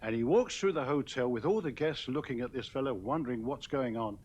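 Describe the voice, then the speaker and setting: Man telling a relaxed anecdote. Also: mid-range voice, breathy edge. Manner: relaxed storyteller, builds slowly to the punchline. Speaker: friend recalling the comedian. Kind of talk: anecdote told in an interview.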